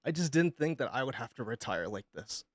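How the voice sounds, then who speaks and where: A male streamer, sick with pneumonia, making an emotional announcement in a halting, hesitant way and holding back tears. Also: medium pitch, very animated, dry recording, studio quality.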